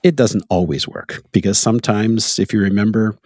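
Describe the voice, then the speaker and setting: Canadian male podcast host, low husky voice, animated and anecdotal, dry close sound. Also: moderate pace, dry recording. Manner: animated, laughs often, tells anecdotes. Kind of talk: casual conversation.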